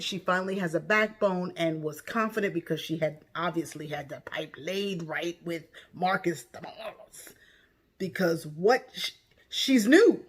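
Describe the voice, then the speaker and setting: A woman casually recapping a TV episode, outspoken and animated, breaking into loud exclamations. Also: medium pitch. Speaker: TV show recap vlogger.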